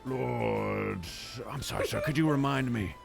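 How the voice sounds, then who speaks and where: A man playing a smooth-talking, scheming male lord in a tabletop role-play, in a pompous mock-aristocratic voice. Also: mid-range voice, unhurried, over music. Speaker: player.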